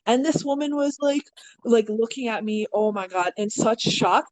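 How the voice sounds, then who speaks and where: High-voiced woman telling a story, blunt, lots of swearing, dry close sound. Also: moderate pace, no echo, low-quality recording. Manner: animated, acts out quotes with big pitch swings. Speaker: podcast guest. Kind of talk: storytelling in casual chat.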